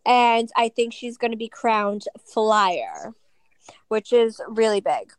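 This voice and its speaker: A woman in her thirties co-hosting a casual podcast chat from bed, blunt and teasing with quick laughs. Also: on the high side, sing-song, clear, resonant tone, no echo, poor audio. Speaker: podcast co-host. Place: lying in bed at home.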